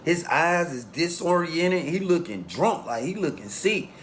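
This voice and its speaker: A man casually telling a long story in a relaxed street way, acting out the voices of the people in it. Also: on the high side, measured pace, a little hiss or hum. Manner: laid-back street storytelling, acts out quotes.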